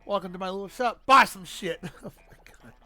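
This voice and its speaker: A man's voice: sits high, a little fast, pushed and bright, no room sound. A man reading out a brash young male shopkeeper hawking junk, in crude, pushy sales talk.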